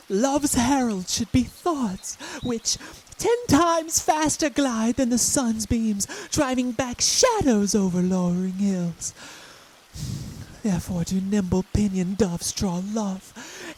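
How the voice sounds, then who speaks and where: A woman's voice: a little high, darkish tone, slight background noise. A young woman playing an impatient young girl in love, pleading and half-singing her verse over a hip hop beat. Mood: longing. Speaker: actor in a stage play. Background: hip hop music.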